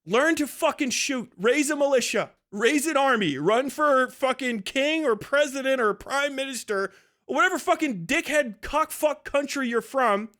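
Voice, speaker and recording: High-voiced man ranting and swearing. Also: lively intonation, normal speed, bright, forceful tone. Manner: mocking, aggressive, swearing constantly; breaks into mocking laughter. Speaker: livestream host. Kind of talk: profane livestream rant.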